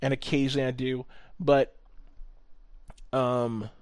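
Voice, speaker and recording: A man telling a story in casual chat, animated, swearing often and acting out what people said. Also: mid-range voice, a little slow, smooth, no room sound.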